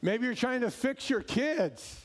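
A male pastor preaching a sermon, stressing key words slowly and dropping at times to a hushed tone. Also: very high-pitched, sing-song.

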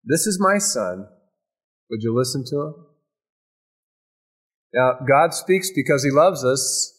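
A male pastor delivers a sermon in a mid-pitched voice. He preaches emphatically, building repeated phrases and leaning on dramatic pauses. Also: expressive, breathy edge.

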